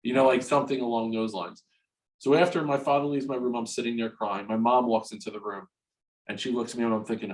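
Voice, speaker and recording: A man in his forties from New Jersey, a guest in an interview, telling a personal story frankly and haltingly, restarting and repeating words and swearing freely. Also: mid-range voice, fairly even intonation, poor audio. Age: 40s.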